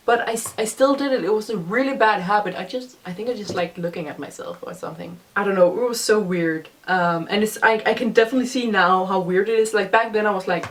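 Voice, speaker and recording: Her voice medium in pitch and a little fast, this young vlogger rambles through casual reaction commentary. She has a noticeable non-native accent, sounds slightly distant, and is self-deprecating with frequent ums.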